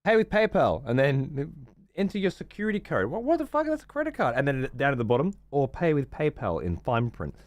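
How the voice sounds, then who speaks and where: A man's voice: a little high, wildly swooping pitch, a little fast, no room sound. An Australian man streaming a game, swearing freely and ranting in exasperation while he chats to viewers. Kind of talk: casual gaming stream commentary.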